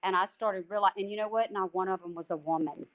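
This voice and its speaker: A woman with a Louisiana Southern accent tells animated stories on a panel. She acts out quotes and laughs as she goes. Her pitch sits in a middle range. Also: fast talker, very noisy. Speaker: state representative. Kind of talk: panel discussion storytelling.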